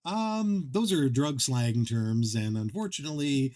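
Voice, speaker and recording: A man chatting casually while he streams a game. His pitch sits squarely mid-range, and he rambles through stories, stumbling over his words and laughing at himself. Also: lively intonation, a little slow, a little mellow. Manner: rambling, self-deprecating storyteller with many restarts. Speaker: livestream host.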